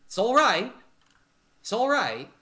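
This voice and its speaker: Guy doing an older maid, high and loud, all apologies and fuss. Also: sing-song, slow, heavily acted. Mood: soothing, flustered. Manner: apologetic, soothing. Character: fussing older human maid, kindly and anxious.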